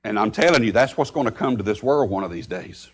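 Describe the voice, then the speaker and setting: A man preaching a sermon, breaking into sudden loud outbursts when he quotes scripture. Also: on the low side, animated, fast, slight background noise. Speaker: pastor.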